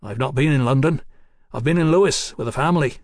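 A man's voice: medium pitch, brisk, no room sound, close to an everyday voice. A man voicing a dry, skeptical male scientist in an audiobook, with a wry manner.

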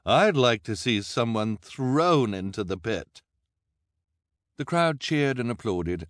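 A man with a very deep voice reads an audiobook in a wry, measured way, savoring each dry aside. The sound is close and dead, with no room around it. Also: no room sound. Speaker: audiobook narrator. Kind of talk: scripted narration.

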